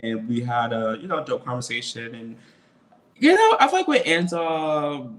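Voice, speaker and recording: A man talking casually as a guest in a video-call interview, animated and laughing often. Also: mid-range voice, moderate pace. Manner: animated, laughs often, quotes others in acted voices. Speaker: interview guest, reality TV cast member.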